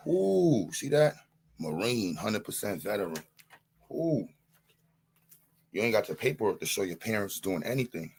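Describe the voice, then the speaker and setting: A man's voice: on the low side, sing-song, normal speed, gravelly, pauses often, darkish tone, breathy edge. A man on a live-stream panel, boasting and taunting, leaning on the same catchphrases again and again in a heated rant.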